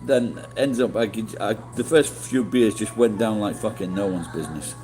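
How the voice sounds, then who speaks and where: Middle-aged man, low voice, rambling swear-laden storytelling to chat, faint music behind. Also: animated, moderate pace, darkish tone. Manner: rambling, swearing, many restarts and fillers. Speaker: livestreamer.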